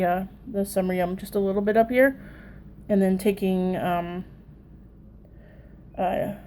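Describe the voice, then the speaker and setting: Southern lady in her 30s doing a rambly makeup tutorial, mellow voice, bit of hiss behind. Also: mid-range voice, poor audio. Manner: chatty, rambling, self-deprecating. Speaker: makeup vlogger. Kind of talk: casual get-ready-with-me makeup tutorial.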